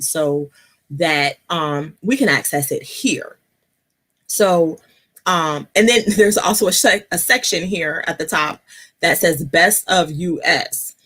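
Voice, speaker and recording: A woman's voice: lowish voice, fairly bright tone. A woman hosting a casual live stream, a little out of breath and chatty, laughing often. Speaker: host.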